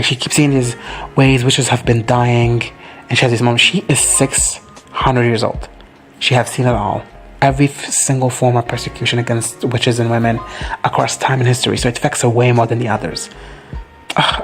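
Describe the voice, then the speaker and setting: A man giving a casual reaction recap of a TV episode, gushing, swearing freely and briefly acting out characters in quick high voices. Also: steady tone, faint music behind. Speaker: reaction vlogger.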